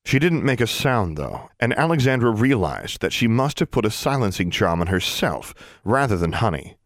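A man narrating an audiobook chapter with expressive storytelling. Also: lowish voice, normal speed, no echo, clean studio sound. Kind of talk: scripted narration.

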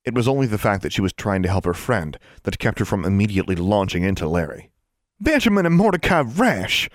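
A man narrating a fantasy story aloud with expressive storytelling. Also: low voice, fast talker, no room sound, studio quality. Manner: expressive storytelling, shifts into character voices. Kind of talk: audiobook narration.

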